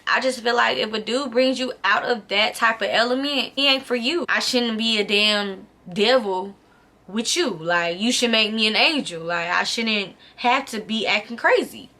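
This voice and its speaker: A woman's voice: on the high side, normal speed. A young woman vlogging a storytime, casual and profane, filling her talk with "like". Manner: casual, profane, animated retelling with filler "like". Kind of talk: storytime vlog.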